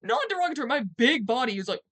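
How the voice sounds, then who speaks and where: A young woman streamer telling a personal story in a rambling, animated way, swearing and acting out quotes loudly. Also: sits high, racing. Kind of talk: casual storytime.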